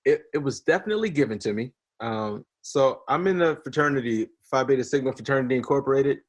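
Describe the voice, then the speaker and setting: A man's voice: mid-range voice, fast talker. A man, a singer as guest, chatting casually in an interview and acting out quotes as he tells stories. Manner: animated storyteller, acts out quotes.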